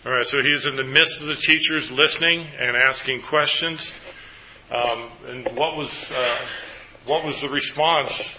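Bright-voiced man leading a Bible study. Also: mid-range voice, fairly even intonation, a little slow, dull audio. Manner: asks the group questions, then recaps answers.

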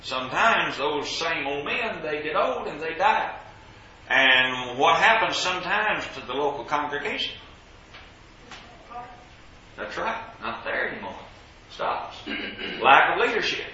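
A man leads a Bible class, reading scripture and quizzing his students in a bright, forceful voice. The recording is roomy and a little dull and lo-fi, as if taped in a church classroom. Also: fairly high pitch, sing-song, a little slow.

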